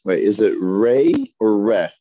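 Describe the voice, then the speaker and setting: Here a man's lowish voice moves slowly and swings widely in pitch as he teaches Hebrew reading, patiently pronouncing each syllable and prompting the class to echo him. The audio sounds dull.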